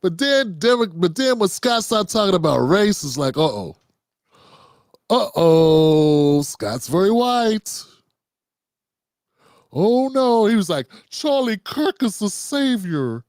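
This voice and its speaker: Slow-talking mocking male commentator. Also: sits high, animated, darkish tone, no room sound, studio quality. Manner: mocking, profane, laughs at his own jokes. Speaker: host. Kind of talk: comedic commentary.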